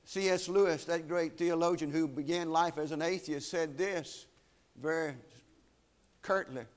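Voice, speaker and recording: A man preaching a sermon, solemn and emphatic, slowing down to weigh key phrases. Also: a little high.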